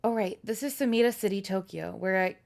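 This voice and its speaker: A woman chats through a co-op horror game on a live stream, giggly and quick to poke fun at herself. Her voice sits at an ordinary middle pitch, and she trips over tricky names as she reads them out. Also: gravelly, darkish tone. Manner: giggly, self-deprecating, stumbles over hard names. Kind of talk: casual co-op gameplay chat.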